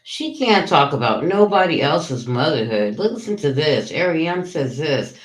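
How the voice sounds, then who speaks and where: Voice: medium pitch, sing-song, measured pace. A livestream host ranting with lots of profanity, calling out rivals and talking to the chat. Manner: profane, heated, talks to chat. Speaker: livestream commentator. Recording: roomy echo.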